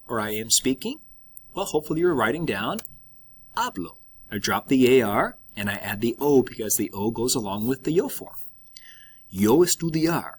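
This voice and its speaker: A man's voice: mid-range voice, slightly rough. A man teaching a recorded lesson, explaining step by step with patient check-ins. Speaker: Spanish teacher.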